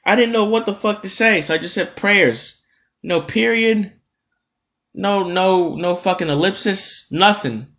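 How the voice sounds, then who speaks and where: A man's voice: sits high, unhurried, bright, forceful tone. A man hosting a solo podcast, ranting in a casual, profane, exasperated way. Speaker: podcast host.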